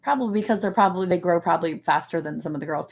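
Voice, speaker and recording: A woman hosting a relaxed livestream from her ranch, chatting with viewers and joking freely. Her voice sits a little low for a woman, and she is playful, punning and quick to laugh. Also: gravelly. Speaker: livestream show host. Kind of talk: casual chat, reading viewer comments. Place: ranch home.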